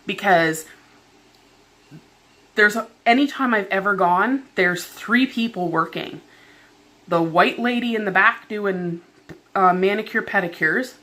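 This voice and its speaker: A woman's voice: mid-range voice, slow, pauses often, pushed and bright. Woman vlogger ranting story time at home, super casual, says like a lot. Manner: chatty, heavy filler "like", exasperated retelling.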